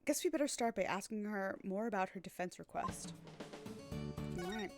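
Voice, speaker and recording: A woman voicing a wry male defense lawyer in her own plain voice, over loud game music. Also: mid-range voice, lively intonation, moderate pace, natural voice.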